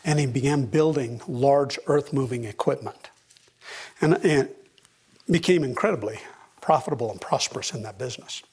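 A man's voice: mid-range voice, moderate pace, a little mellow, husky. A man preaching a sermon as a pastor, earnest, his voice rising for emphasis.

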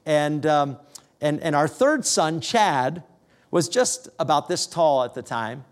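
A middle-aged man preaching a sermon as a pastor, telling a family story with gentle humor and lively rises and falls. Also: on the high side, slow pace. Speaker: pastor becoming missionary.

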